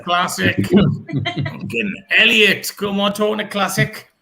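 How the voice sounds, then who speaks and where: A British man hosting a comedy pun contest with a high, bouncing voice. His tone is bright and gravelly, and he stretches his words out in a playful way. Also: expressive, slight background noise. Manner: playful, laughing, drawn-out words. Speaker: comedy show host.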